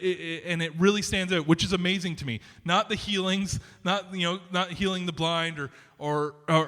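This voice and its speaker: A pastor with a high, bright voice preaches a sermon in a reverberant church sanctuary. His delivery is animated and conversational, with many restarts and asides.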